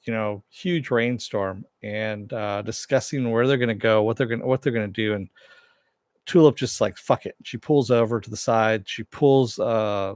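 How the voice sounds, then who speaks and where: A man's voice: fairly low pitch, normal speed, clean tone, dry recording. A man casually recapping and reviewing a TV episode, rambling with many fillers and restarts. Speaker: TV show reviewer.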